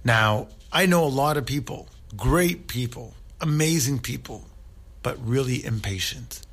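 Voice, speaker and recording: A man hosting a radio show while hoarse from a sore throat, talking earnestly and rambling with many restarts. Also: medium pitch, unhurried, fairly bright tone. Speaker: radio host.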